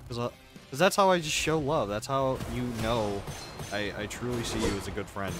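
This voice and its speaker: A man's voice: mid-range voice, normal speed. A man streaming a game, chatting casually with friends, teasing and swearing and laughing often. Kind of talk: casual gaming chat with friends. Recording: game music under voice. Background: game music and gunfire.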